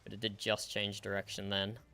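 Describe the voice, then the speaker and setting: Dry, low-voiced male game streamer. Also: completely flat delivery, fairly quick, bright, forceful tone, a little hiss or hum. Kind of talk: casual gaming livestream chat.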